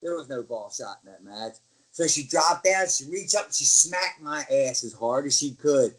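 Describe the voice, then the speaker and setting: A former wrestler, appearing as an interview guest, tells stories in a casual, animated way, acting out other people's lines and dropping the odd swear word. His voice is mid-range and moves at a normal speed, though the audio quality is poor.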